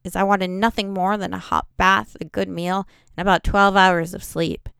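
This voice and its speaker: Smooth, slightly creaky woman narrating. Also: medium pitch, little pitch movement, fairly bright tone, dry recording, studio quality. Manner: measured first-person storytelling. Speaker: editor reading a book excerpt. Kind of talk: audiobook narration.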